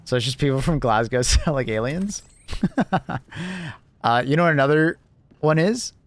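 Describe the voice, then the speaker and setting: A young man live-streaming and chatting casually with viewers, rambling with lots of fillers and quick laughs. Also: mid-range voice, lively intonation.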